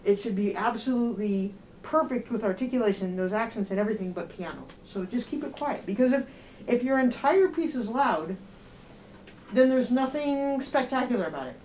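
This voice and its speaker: A woman's voice: fairly high pitch, animated, moderate pace, a little mellow, a little hiss or hum. A woman giving a student one-on-one feedback in a music lesson, direct and explaining with everyday comparisons. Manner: sings rhythms on nonsense syllables. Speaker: euphonium teacher.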